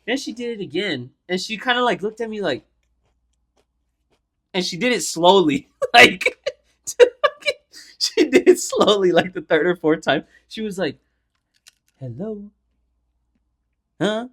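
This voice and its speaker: With a high-pitched voice at a normal speed, a young podcast co-host relaxes into a profane anecdote, animatedly playing each person in it.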